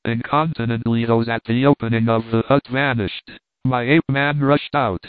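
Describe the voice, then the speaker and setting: A man reading an adventure novel aloud as a measured storybook narration. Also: medium pitch, steady tone, clear, resonant tone, no echo. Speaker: audiobook reader. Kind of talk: scripted narration. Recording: dry, tinny phone-like sound.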